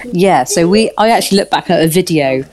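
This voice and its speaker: A woman's voice: lowish voice, expressive, brisk, darkish tone. A young woman with a Bristol accent, chatting in a rambling, friendly way as an interview guest over a remote call. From Bristol, England. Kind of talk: casual remote interview chat.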